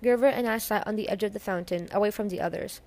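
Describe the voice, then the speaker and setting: A woman reading a novel aloud at a middle pitch. She narrates steadily, chapter by chapter, and gives the characters light voices as they speak. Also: quick pace, a little mellow. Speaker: reader. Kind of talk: audiobook-style reading of a novel.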